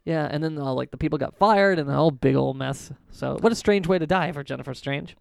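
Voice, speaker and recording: A young man co-hosting a casual podcast chat, animated and rambling as he tells stories, laughing often. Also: on the high side, a little fast, vocal fry, no room sound. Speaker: podcast co-host.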